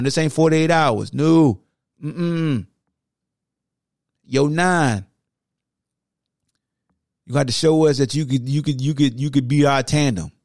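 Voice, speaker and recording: A man hosting a sports podcast, talking through a football game preview in a casual, animated, slangy way, like a coach firing up his defense. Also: mid-range voice, gravelly, no room sound, clean studio sound. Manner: animated, slangy, coaching-style trash talk.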